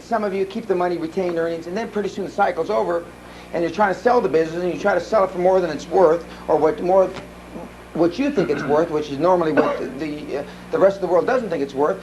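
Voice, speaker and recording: A man's voice: high-pitched, a little hiss or hum, low-quality recording. A man giving a live seminar talk, telling blunt, profane stories full of restarts. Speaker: seminar speaker. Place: seminar room.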